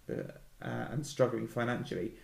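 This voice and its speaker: A man's voice: mid-range voice, creaky. A man in his thirties hosting a casual film podcast, joking and teasing between opinions. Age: 30s. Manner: wry, teasing, quick asides. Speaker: podcast host. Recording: roomy echo.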